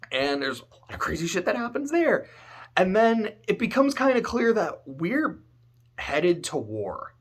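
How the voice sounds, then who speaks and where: A man talking casually about a story, animated and swearing, swinging between loud outbursts and low muttering. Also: unhurried, breathy edge. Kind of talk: casual spoken commentary.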